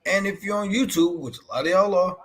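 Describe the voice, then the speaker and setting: A man's voice: sits high, a bit bright. A man co-hosting a wrestling watch-along livestream, joking casually and tagging lines with "boy" and "man". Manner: joking, drawn-out slang, repeated "boy" and "man".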